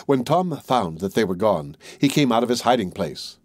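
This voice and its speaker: A man narrating a fairy tale audiobook in a measured, even storytelling manner. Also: fairly low pitch, dry recording, clean studio sound.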